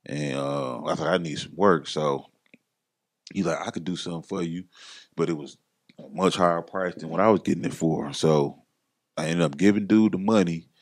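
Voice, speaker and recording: A man's voice: deep voice, normal speed. A man, a podcast guest, telling his story in casual slang and acting out the voices of the people he quotes.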